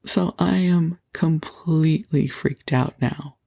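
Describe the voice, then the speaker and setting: Soft, husky-voiced woman telling a bedtime story. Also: low-pitched, slow pace. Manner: gentle and breathy, laughs softly, slips into whispers. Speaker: podcast host.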